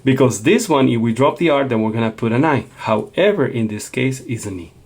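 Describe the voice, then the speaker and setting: A man's voice: mid-range voice, expressive, brisk, a little mellow, husky. A man teaching a Spanish lesson, explaining patiently and checking in with a frequent "okay?". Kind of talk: classroom lecture.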